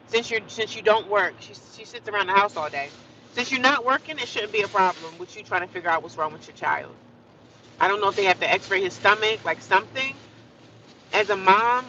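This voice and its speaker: A woman's voice: medium pitch, expressive, fairly quick, pushed and bright, highs cut off, a little hiss or hum. A woman vlogging in a casual, rambling monologue, earnest and repetitive, with frequent asides to the viewer.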